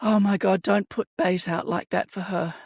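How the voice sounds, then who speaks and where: A woman's voice: medium pitch, fairly even intonation, normal speed, creaky, a little mellow, husky, no room sound, clean studio sound. A woman co-hosting a podcast, chatting casually and gushing about a show with an enthusiastic fan's manner. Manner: enthusiastic, gushing fan reactions. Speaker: podcast co-host.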